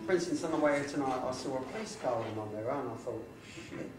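Wry older comic with guitar. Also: male voice, mid-range voice, expressive, racing. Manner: wry, rambling joke-telling. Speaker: folk singer and comedian. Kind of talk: live folk club comedy set with songs. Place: folk club room, live. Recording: roomy live club recording from a distance. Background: guitar playing.

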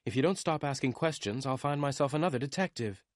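A man reading the part of a cold, impatient young woman client, in a soft, low-key voice. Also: animated, fast talker, no echo, studio quality, lightly acted. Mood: irritated. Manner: curt and cool, quieter than the narration.

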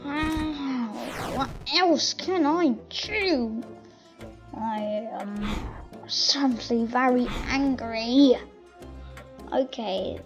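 A woman playing a video game and commenting in a slow, playful, muttering way. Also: sits high. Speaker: gaming channel host. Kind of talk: let's play commentary. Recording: voice over loud game music.

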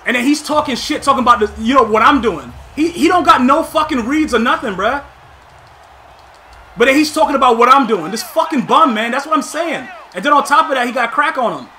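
Excitable high-voiced man mocking over gameplay. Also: brisk, slight background noise. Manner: excitable, mocking, laughing a lot, slangy. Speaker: gaming YouTuber. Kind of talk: live gameplay commentary.

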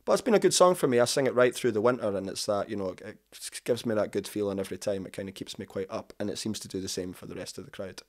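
A man's voice: on the low side, fast, hardly any pauses. A middle-aged man, a musician, chatting casually in an interview, rambling and enthusiastic. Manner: rambling and enthusiastic, lots of "you know". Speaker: musician guest.

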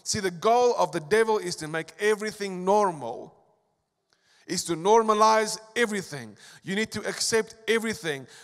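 A man preaching a sermon as a pastor, swinging between emphatic, rising lines and quiet asides. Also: sits high, normal speed. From South Africa. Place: large church hall. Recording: long church hall reverb.

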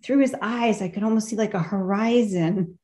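At a memorial gathering, heard through a video call, a woman shares a tender memory of her own, stopping frequently to find the right words. Her pitch is medium and slightly mellow.

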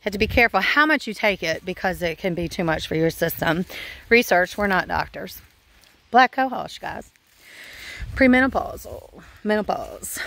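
A woman vlogging her homestead addresses her phone frankly outdoors, her casual, rambling talk dotted with sighs and fillers. She has a medium-pitched, creaky voice with a fairly bright tone.

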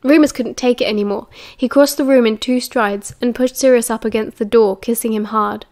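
A woman's voice: fairly high pitch, steady tone, a little fast, darkish tone, dry recording. British woman reading an audiobook. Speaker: audiobook reader. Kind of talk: audiobook narration.

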